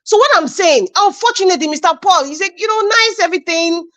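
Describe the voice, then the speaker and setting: A Nigerian woman speaking in a high voice at an online debate. She argues with emphatic scorn and restarts her sentences as she pushes her point. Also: expressive, fast, a bit bright. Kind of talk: impassioned political argument.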